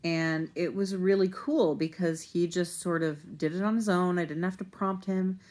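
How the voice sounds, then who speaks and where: A parent vlogger talks casually to the camera in a lowish, slightly mellow voice with fairly even intonation and a normal pace. She rambles a bit and leans on plenty of fillers and restarts.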